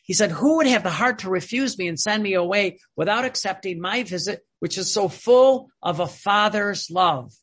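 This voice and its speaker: A man preaching a sermon in an earnest, repetitive way, slowing down when he quotes. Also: high-pitched, expressive, a bit bright.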